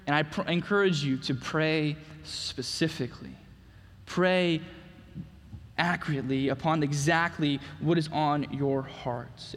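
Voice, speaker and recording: A man's voice: a little high, a bit bright. A man preaching a sermon and sharing a personal testimony, speaking earnestly and often repeating his words as he goes. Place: church sanctuary. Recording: long reverb of a church hall.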